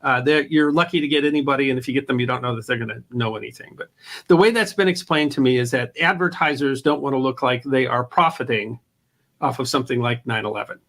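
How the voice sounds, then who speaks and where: A man's voice: medium pitch, fast, fairly bright tone. A man talking as a guest in an interview about running a history channel, rambling and restarting his phrases, often laughing. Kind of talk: casual interview talk.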